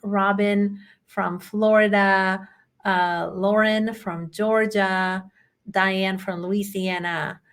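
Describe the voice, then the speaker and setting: A woman's voice: mid-range voice, steady tone, very slow. Effusive woman hosting a webinar, Chilean accent. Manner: effusive and chatty, greets people by name. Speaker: bookkeeping trainer hosting a webinar. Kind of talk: live webinar welcome, reading out attendees.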